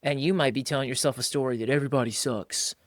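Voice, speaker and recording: Animated man in dry, close podcast sound. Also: medium pitch, fast, no echo. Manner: animated, mimics other people's voices when quoting them; colloquial, calls listeners "bro". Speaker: podcast co-host. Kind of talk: casual conversational podcast.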